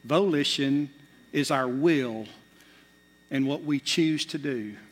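A male pastor preaching a sermon, swinging between loud, urgent bursts and quiet, hushed asides. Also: mid-range voice, takes it slowly. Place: church sanctuary. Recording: long reverb of a large hall.

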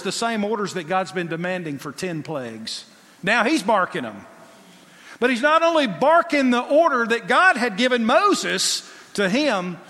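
A man's voice: high voice, pushed and bright. A male preacher giving an emphatic sermon that asks the congregation rhetorical questions, heard in a long hall reverb.

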